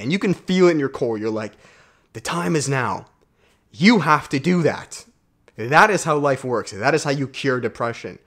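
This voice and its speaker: A man giving a blunt, profane motivational monologue to his viewers, calling them guys, swinging from low asides to loud emphatic outbursts. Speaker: self-development YouTuber.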